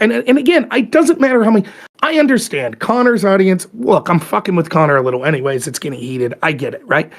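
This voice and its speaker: A man hosting a podcast, ranting animatedly about politics in casual, profane talk. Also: high-pitched. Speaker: podcast host.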